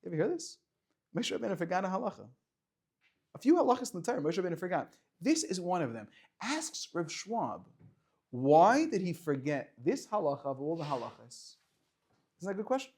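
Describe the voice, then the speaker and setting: A man teaching a lively Torah class to students, firing rhetorical questions and dropping to quiet explanation. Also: sits high, fairly quick, long pauses, breathy edge. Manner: animated, swings between loud questions and quiet explaining, chats with students.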